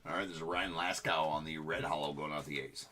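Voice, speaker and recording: A man's voice: extremely low pitch, fairly even intonation, a little fast, sharp tone. A man hosting a live-streamed trading card break, giving running commentary on each card and chatting with viewers, with frequent filler words.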